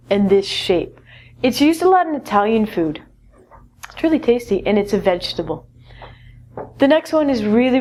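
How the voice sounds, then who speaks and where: A woman's voice: medium pitch, a little mellow. A woman from Canada, teaching a vocabulary lesson in a chatty, playful way with joking asides. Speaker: English teacher.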